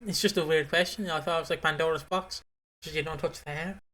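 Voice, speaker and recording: A man co-hosts a casual podcast, his voice bright and a little sharp in tone. He rambles through retellings, restarting sentences as he goes. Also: a little high, fairly even intonation, fast talker. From Britain. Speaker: podcast co-host. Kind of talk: casual chat.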